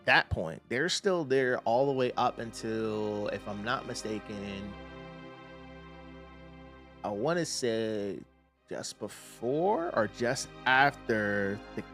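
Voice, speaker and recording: A man hosting a game livestream, relaxed and hedging as he answers viewers. His voice is low with a gravelly edge. Music runs steadily behind him. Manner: relaxed, hedging, reads chat aloud. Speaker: gaming streamer. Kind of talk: casual livestream chat.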